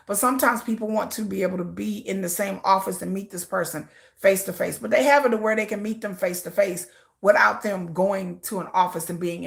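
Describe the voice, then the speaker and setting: A woman's voice: mid-range voice, fairly bright tone. A middle-aged woman hosting a livestream, talking in a heartfelt, repetitive way, close to tears and rising into frustration. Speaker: livestream host. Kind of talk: emotional casual commentary.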